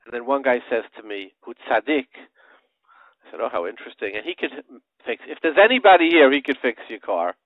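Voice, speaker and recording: A man's voice: mid-range voice, animated, normal speed, no room sound. A middle-aged man, a rabbi, telling a story in a sermon and chanting Hebrew verses, sprinkling in Yiddish words. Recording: dry, tinny phone-line radio audio.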